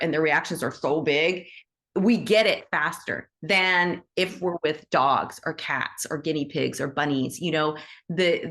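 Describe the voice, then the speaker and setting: A woman hosting an animal Reiki session over a video call, telling stories in a gentle, enthusiastic way with many "right?" asides. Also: low-pitched. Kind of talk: casual teaching chat on a video call.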